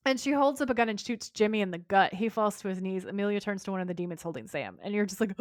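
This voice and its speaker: A woman's voice: mid-range voice, expressive, fast, no room sound, clean studio sound. A woman co-hosting a podcast, chatting casually as she recaps episode scenes, reads dialogue aloud and giggles often. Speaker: podcast co-host.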